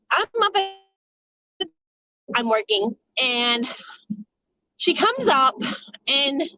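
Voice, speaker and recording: High-voiced woman rambling through a storytime. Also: sharp tone, dull audio. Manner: rambling, swearing, laughing often. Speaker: vlogger telling a story. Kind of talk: casual storytime.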